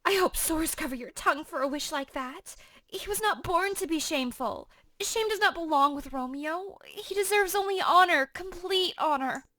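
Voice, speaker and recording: A woman reading as Juliet, a high, bright, distraught girl. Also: moderate pace. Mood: defensive. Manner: emotional dramatic reading in modern paraphrase. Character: young teenage girl, passionate and distraught. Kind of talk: dramatic reading for a class.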